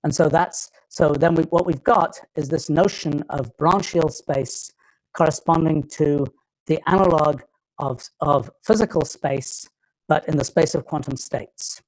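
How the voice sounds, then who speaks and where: Halting British lecturer thinking aloud. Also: medium pitch, poor audio. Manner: halting and thinking aloud, restarting phrases often. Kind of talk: live technical lecture on physics.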